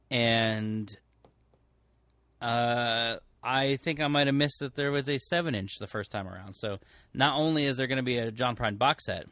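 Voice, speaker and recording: A man's voice: medium pitch, a bit bright, dry recording, clean studio sound. A man co-hosting a podcast from a record shop, talking casually and rambling with lots of fillers and self-corrections. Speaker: podcast co-host. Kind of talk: casual chat. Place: record store.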